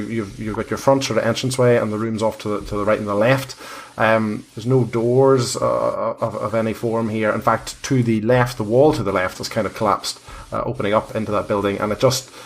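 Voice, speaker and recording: A man's voice: fairly low pitch, gravelly, a little hiss or hum. A man running a tabletop game as game master, describing scenes with many fillers and restarts. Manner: rambling, hesitant descriptions.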